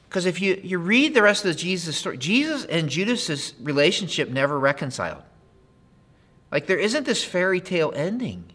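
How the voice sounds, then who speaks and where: Male pastor, mid-pitched, conversational sermon delivery with playful asides. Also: a bit bright.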